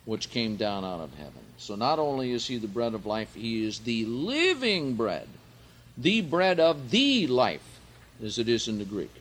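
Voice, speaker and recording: A man preaching a Bible teaching sermon, slow and emphatic, lifting his voice on key words and carefully sounding out Greek phrases. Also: on the low side, very animated, fairly bright tone.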